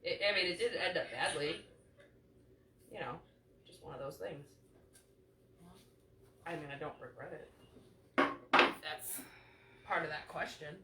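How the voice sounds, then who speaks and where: A woman's voice: low voice, unhurried, pauses often. A woman co-hosting a casual chat show, laughing often and swearing freely. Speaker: podcast co-host. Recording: echoey room from far off, faint noise.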